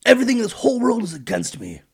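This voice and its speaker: A man voicing a melodramatic, self-pitying old father who speaks slowly and theatrically. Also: extremely high pitch, wildly swooping pitch, gravelly, husky, voice pushed up, exaggerated voice.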